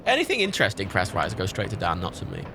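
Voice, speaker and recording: A man's voice: low-pitched, wildly swooping pitch, fast talker, pushed and bright, a little hiss or hum. A young man streaming a game, rambling through stories and swearing freely in casual chat. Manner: rambling, swearing, laughing storyteller. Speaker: livestream gamer.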